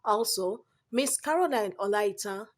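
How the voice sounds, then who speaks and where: Nigerian woman, news voice-over, measured reading, mid pitch. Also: lively intonation. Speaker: news reporter.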